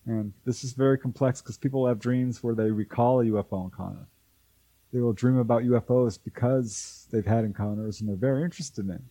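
Man, dark mellow tone, husky, dry close sound, animated storyteller, interview guest. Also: mid-range voice, brisk, no echo, poor audio. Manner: animated storyteller who acts out quoted voices. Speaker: author and UFO researcher, guest.

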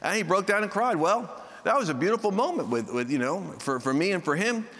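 A man preaching through a personal story in a casual, animated way, acting out the dialogue with sudden high outbursts. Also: fairly quick, long reverb tail. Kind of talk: anecdotal sermon storytelling.

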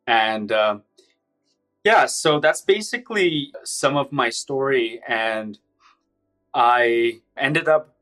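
A man's voice: mid-range voice, lively intonation, slow pace, fairly bright tone, faint music behind. A man recounting his own experience in an intense, run-on storytelling manner. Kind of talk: personal account, casual storytelling.

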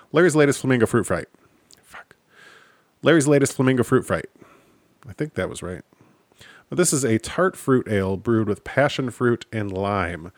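A man's voice: fairly low pitch, no room sound. A man in his thirties hosting a casual solo podcast, joking about himself and swearing offhandedly. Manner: jokey, self-deprecating, swears casually. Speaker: podcast host.

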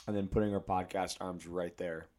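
A man's voice: low-pitched, steady tone, moderate pace, darkish tone. A young man co-hosting a podcast in casual chat, teasing and laid-back, talking into a handheld mic. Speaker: podcast co-host. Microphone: handheld microphone.

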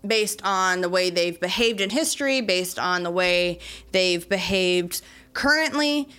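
A young adult woman hosting a solo podcast, talking in a chatty, animated way about faith and everyday life. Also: fairly low pitch, measured pace, clean tone, soft background music. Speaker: podcast host. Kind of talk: casual solo podcast talk.

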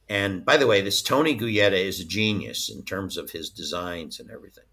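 Low, bright-voiced man telling stories. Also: a little fast, hardly any pauses. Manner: chatty, laughs often mid-story. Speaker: interview guest, former studio licensing executive. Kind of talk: casual anecdotal storytelling.

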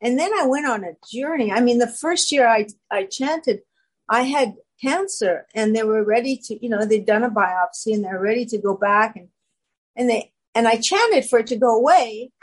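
A woman guest telling her personal story in casual talk, animated and acting out quoted voices. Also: fairly high pitch, moderate pace, husky, poor audio.

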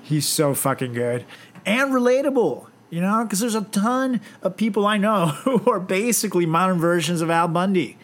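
A man co-hosting a casual talk show, laid-back and animated, swearing often as he tells stories. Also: high-pitched, normal speed. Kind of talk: casual chat.

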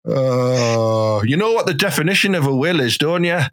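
A man's voice: mid-range voice, lively intonation, moderate pace. A man in comic banter, chatty and joking with hesitant fillers. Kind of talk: comic banter, improvised sketch.

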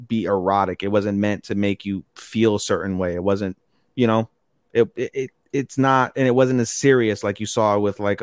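A man co-hosting a podcast in casual chat, excitable, swearing freely and filling with ums. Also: on the low side, clear, resonant tone, no room sound, clean studio sound. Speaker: podcast co-host.

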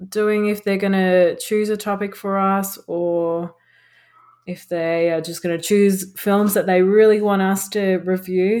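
A woman's voice: mid-range voice, darkish tone. A woman co-hosting a podcast, reviewing a bad film in a casual, sarcastic way and swearing freely. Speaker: podcast co-host.

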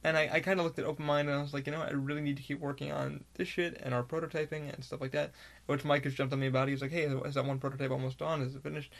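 A man's voice: a little high, little pitch movement, very fast, gravelly. A man hosting his own podcast, talking candidly and rambling in a casual monologue, swearing often and laughing now and then. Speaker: podcast host.

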